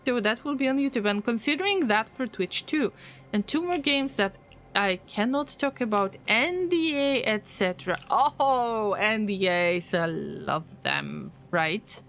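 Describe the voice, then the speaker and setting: Streaming a game, a woman jokes and teases her way through casual chat with viewers, answering their messages playfully. Her fairly high, slightly bright voice swings widely in pitch, and she talks slowly, stretching her words. Faint music and a little background noise sit beneath her.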